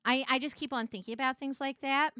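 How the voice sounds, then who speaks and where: A young adult woman streamer chatting casually with her viewers, animated and laughing, prone to excited shrieks. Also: high voice, quick pace, clear, resonant tone, no echo, studio quality.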